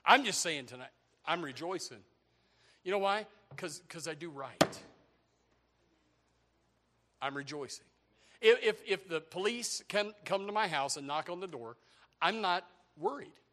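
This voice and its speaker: An older man delivers a sermon. His voice sits high and bright, and it swings widely as he jokes and shouts. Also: measured pace, long pauses. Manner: animated preaching with humor and shouts. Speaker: pastor.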